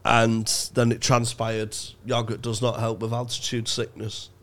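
A man's voice: mid-range voice, monotone, measured pace, fairly bright tone. Dry-witted man. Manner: dry, mock-incredulous banter. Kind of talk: casual chat.

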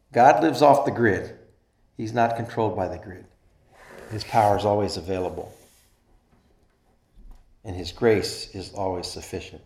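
A man's voice: on the low side, a little mellow. Earnest man preaching in an echoey room. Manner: earnest preaching with rising emphasis and slow stressed phrases. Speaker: pastor. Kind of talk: sermon.

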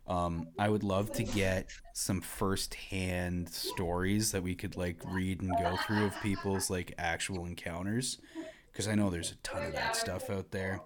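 Low-voiced man in easygoing chat. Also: little pitch movement, unhurried, crowd noise. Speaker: podcast co-host. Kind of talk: casual chat.

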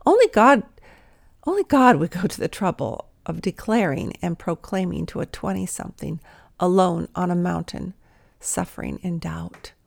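A woman's voice: lowish voice, lively intonation, normal speed, vocal fry. A woman giving a devotional talk in an earnest, intimate manner, sometimes dropping to a whisper. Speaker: Christian speaker.

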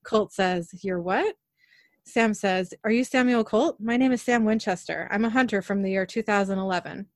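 A woman's voice: medium pitch, no room sound. Dry-voiced woman recapping scenes. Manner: narrates scenes briskly, quoting characters in near-own voice. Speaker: podcast host recapping an episode. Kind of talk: casual recap, reading scene lines aloud.

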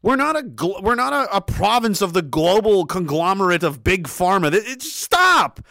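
A man, streaming a profane, forceful rant and repeating himself as he builds his point. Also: sits high, moderate pace, gravelly, no room sound, studio quality. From Canada. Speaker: livestreamer. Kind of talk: heated monologue rant on stream.

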